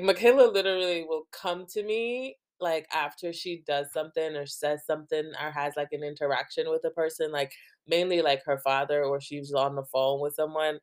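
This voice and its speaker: A young woman from New Jersey talks through her podcast in a loose, rambling way, leaning on "like" and breaking into laughs. Her voice sits low for a woman. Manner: rambling, heavy use of "like", laughs often. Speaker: podcast host. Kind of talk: casual chat.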